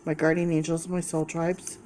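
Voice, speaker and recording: A woman's voice: deep voice, flat delivery, moderate pace, mellow, slight background noise. A woman doing a casual tarot reading to camera, thinking aloud and repeating key words as she explains the cards. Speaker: tarot reader.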